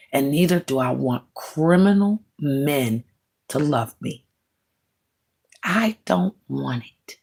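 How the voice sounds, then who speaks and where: A woman's voice: extremely low pitch, vocal fry, husky. A woman in her late forties ranting bluntly on a livestream, scornful and mocking, with laughing asides. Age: 40s. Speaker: livestream host. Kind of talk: livestream rant.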